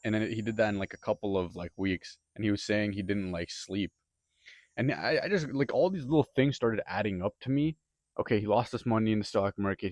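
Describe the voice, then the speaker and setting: A young man with a lowish voice delivers a rambling, profane monologue, tripping over filler words and restarts. The sound is dry and close, with no room echo. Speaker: podcaster. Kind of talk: casual monologue.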